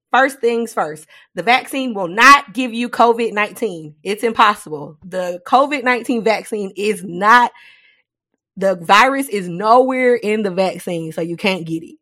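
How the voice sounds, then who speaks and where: A woman co-hosting a casual podcast chat, telling stories in an animated, slangy way with quick asides. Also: medium pitch. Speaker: podcast co-host.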